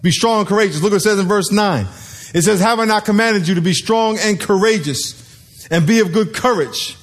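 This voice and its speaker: A man's voice: high voice, a little fast. A middle-aged man preaching a sermon in a church, calling on the congregation to repeat words back and acting out the people he quotes. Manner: lively, calls for congregation responses, acts out quotes. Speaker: pastor.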